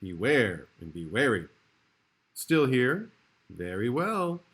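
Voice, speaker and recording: Playful male teacher reading a rhyming storybook aloud; slow, very expressive. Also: fairly low pitch. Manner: playful, rhythmic rhyming delivery. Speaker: kindergarten teacher.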